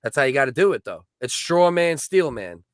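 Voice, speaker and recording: Heard on a dry, clean studio recording, a married adult man chats casually as co-host of a comedy podcast, his clean mid-range voice swinging widely in pitch at a slightly fast pace. He's agreeable and talkative, often adding "you know what I mean" as he reasons things out.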